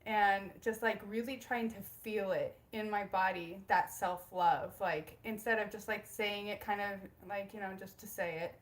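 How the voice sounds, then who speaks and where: A woman's voice: mid-range voice, fairly even intonation, normal speed, hardly any pauses. A young woman hosting a casual spiritual livestream from home, bubbly and giggly as she greets viewers by name. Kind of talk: casual live-stream chat.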